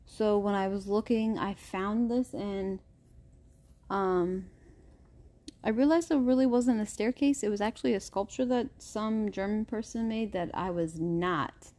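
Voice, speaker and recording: A woman's voice: mid-range voice, a little slow, warm tone. A woman hosting a casual podcast, chatty and stumbling over names as she reads. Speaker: podcast host.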